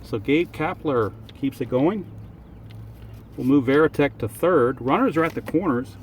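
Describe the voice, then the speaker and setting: A man's voice: on the high side, a little mellow, a little hiss or hum. A man calling play-by-play for a tabletop baseball game outdoors and thinking aloud over each roll. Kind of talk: play-by-play commentary of a dice game.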